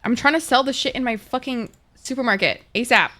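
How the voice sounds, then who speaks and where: A woman's voice: fairly high pitch, fairly quick, sharp tone. Woman, gaming livestream, casual chat, swears often, talks to viewers. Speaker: streamer.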